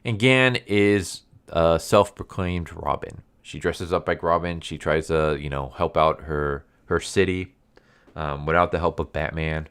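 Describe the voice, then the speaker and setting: A man with a low voice talks through a comic's plot in a loose, offhand way, stumbling over restarts and filling pauses with ums and likes. His tone stays smooth and resonant, and he drops in dry, sarcastic remarks along the way. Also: fairly bright tone. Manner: rambling, frequent fillers and restarts. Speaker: comic book reviewer. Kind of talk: casual commentary recap.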